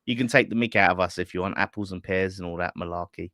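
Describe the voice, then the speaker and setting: A man's voice: deep voice, quick pace, pushed and bright, no room sound, studio quality. A man hosting a fan channel, chatting casually about football and reading out viewer messages. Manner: chatty, laughing, banter with co-host. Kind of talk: casual chat.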